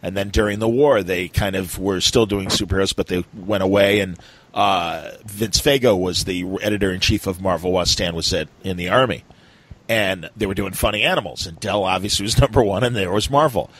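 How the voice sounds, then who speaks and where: On a low-quality recording, a podcast host chats casually, rambling with enthusiasm and plenty of fillers. His voice is low, brisk, husky and fairly bright.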